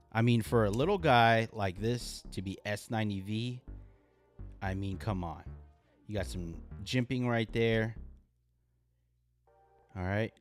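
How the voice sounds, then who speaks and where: A man hosting a casual live stream, chatting with viewers and reacting with loud exclamations. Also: medium pitch. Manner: animated, exclaims and laughs at viewers' comments. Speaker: live stream host reviewing knives.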